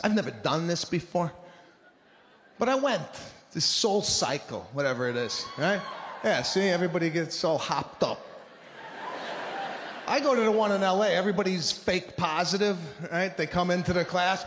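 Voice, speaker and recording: Exasperated animated man, comic storyteller. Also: high voice, moderate pace, background noise. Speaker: stand-up comedian. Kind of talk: stand-up comedy set.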